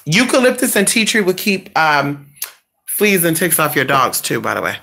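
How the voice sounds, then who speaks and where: A sassy, chatty woman with a lowish voice talks casually to her viewers. She is exclamatory and swears freely. A faint hiss sits behind her. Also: big pitch swings, moderate pace, gravelly, sharp tone. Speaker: vlogger. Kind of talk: casual live chat to viewers.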